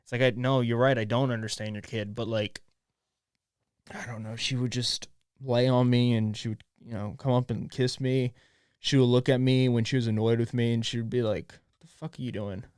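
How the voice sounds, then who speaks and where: A young man in his twenties hosting a solo podcast, talking in a halting, emotional way with many restarts and swearing, choked up and near tears. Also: mid-range voice, flat delivery, darkish tone, clear, resonant tone, no room sound, clean studio sound. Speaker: podcast host. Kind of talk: casual solo podcast monologue.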